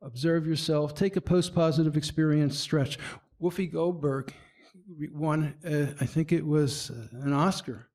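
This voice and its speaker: Animated man giving a presentation. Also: on the high side, measured pace. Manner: animated, demonstrates expressions as he speaks; frequent restarts and stumbles. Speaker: presenter at a marketing meetup. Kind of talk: presentation talk.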